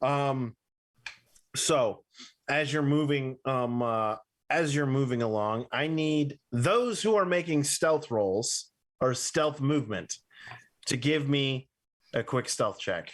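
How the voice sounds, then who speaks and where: A man runs a tabletop game as its game master, narrating each scene in a voice of ordinary pitch. He rambles and corrects himself as he goes, with plenty of fillers along the way. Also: animated, slow.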